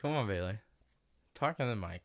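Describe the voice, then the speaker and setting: A woman's voice: a bass voice, expressive, normal speed. A young woman hosting a casual podcast chat, blunt and teasing, swearing freely as she coaxes her sister. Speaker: podcast host.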